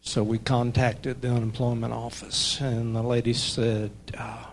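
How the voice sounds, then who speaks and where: An older man shares a personal testimony at a church gathering. He speaks earnestly and haltingly, with frequent pauses and fillers. His voice sits at an ordinary middle pitch. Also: completely flat delivery, a little hiss or hum. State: emotional, voice breaking. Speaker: church member giving a testimony.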